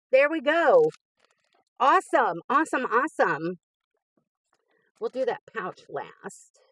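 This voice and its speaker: A woman hosting a craft channel, chatting casually as she unboxes mail, gushing and laughing softly. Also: fairly high pitch, dry recording, rough recording.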